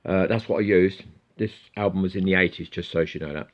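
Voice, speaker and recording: Man, middle-aged, deep low voice, casual rambling vlog chat, swears a lot, muffled lo-fi sound. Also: a little fast. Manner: swears freely, rambling and chatty. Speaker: guitar YouTuber.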